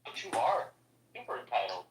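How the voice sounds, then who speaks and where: A man's voice: medium pitch, big pitch swings, brisk. Blunt teasing man, echoey room. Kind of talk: casual chat. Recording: echoey room, far from mic.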